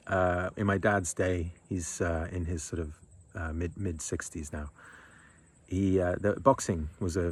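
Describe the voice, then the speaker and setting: Low husky guy in his 30s, blunt and sweary, rambles with ums and little laughs. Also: no room sound. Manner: blunt, swears freely, rambling with fillers and chuckles. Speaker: men's retreat leader. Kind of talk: casual monologue.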